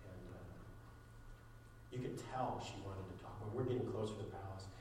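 A male pastor preaching a sermon, animated while telling a story and soft and earnest when he makes his appeal. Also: low-pitched, brisk. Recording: echoey room mic from a distance with background noise.

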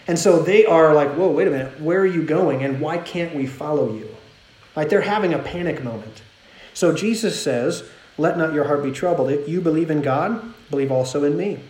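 A man preaching a sermon in a conversational style, growing animated when he retells scenes. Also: mid-range voice. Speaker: pastor. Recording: roomy echo.

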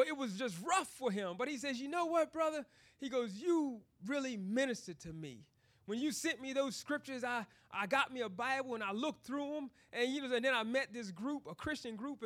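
Man, very high voice, sermon, conversational testimony, emphatic preaching. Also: fairly bright tone. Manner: frequent "you know" and "you see" fillers.

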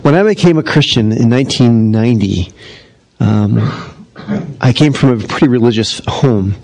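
A middle-aged man preaching a sermon as pastor, in a conversational, animated storytelling manner. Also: mid-range voice, normal speed, low-quality recording.

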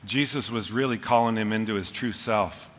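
A middle-aged male pastor preaching a sermon, telling stories with animated, voiced quotes. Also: lowish voice, normal speed. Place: church hall. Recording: long hall reverb.

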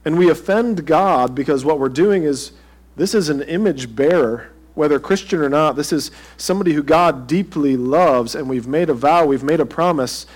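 A man's voice: on the high side, moderate pace. A pastor preaching a sermon to his congregation in a conversational way, asking them direct questions.

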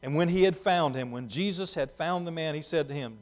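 A man preaching a sermon, moving between hushed, slow passages and loud, emphatic ones. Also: on the high side.

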